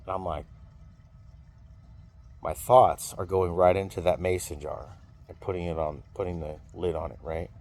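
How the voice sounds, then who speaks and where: Deep-voiced man venting casually. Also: steady tone, normal speed, pauses often, darkish tone. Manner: rambling storytelling, swears freely. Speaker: vlogger venting.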